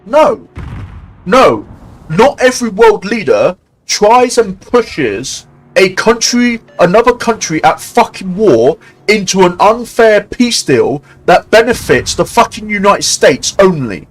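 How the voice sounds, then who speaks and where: A man's voice: sits high, very animated, low-quality recording. A male streamer ranting angrily on a live stream, swearing often and stumbling through restarts. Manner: heated, swearing, halting with many restarts. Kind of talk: angry live-stream rant.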